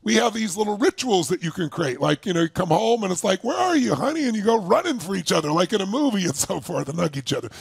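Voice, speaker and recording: A man with a high, gravelly and husky voice tells stories with wide swings in pitch. He acts out other people's lines as he goes. The sound is close and dry. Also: fast talker, hardly any pauses, no echo. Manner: animated storyteller, acts out his wife's lines in a high voice. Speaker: relationship seminar speaker. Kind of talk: lively talk to a seminar audience.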